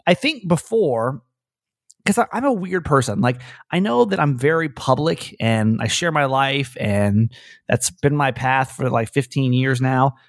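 A man's voice: mid-range voice, expressive, a little slow, no echo, studio quality. A middle-aged man, a radio host, chatting casually in a rambling, self-deprecating way with many restarts. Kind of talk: casual chat.

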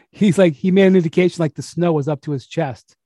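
Male podcast host, slightly high, chatty and animated storyteller, dry close sound. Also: brisk, no echo. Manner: animated storyteller, chuckles as he retells anecdotes. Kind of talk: casual basketball chat.

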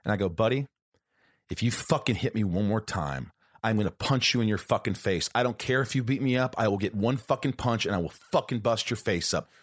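A man in casual conversation, telling stories with animated quoted dialogue and frequent swearing. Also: on the low side, brisk. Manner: animated storyteller, acts out quotes, swears often. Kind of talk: casual storytelling chat.

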